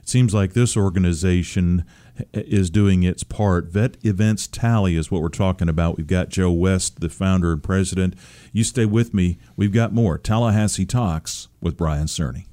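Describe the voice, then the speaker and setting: Deep-voiced older radio host. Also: male voice, warm tone. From Seattle area, USA. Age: 60s. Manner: halting, many uh fillers. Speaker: radio talk show host. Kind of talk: casual radio interview.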